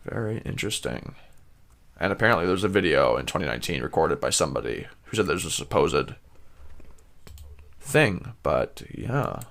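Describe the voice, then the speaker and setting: A man's voice: a bass voice, big pitch swings, normal speed, gravelly, long pauses, a bit bright. A Canadian man co-hosting a podcast, chatting loosely and reading facts aloud in a rambling way. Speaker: podcast co-host. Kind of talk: casual chat.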